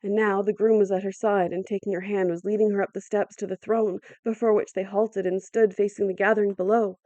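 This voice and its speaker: A woman narrating an adventure novel as an audiobook, measured and dramatic in her delivery. Her voice sits at a middle pitch, recorded close and dry with no room around it. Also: little pitch movement, dark tone, no room sound. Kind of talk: audiobook reading.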